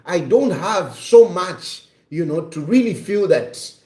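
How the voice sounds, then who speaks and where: A man's voice: high-pitched, expressive, slow, mellow, echoey room. A man in his fifties hosting a live stream, talking in an earnest, reflective way and often repeating his phrases. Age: 50s. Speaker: livestream host.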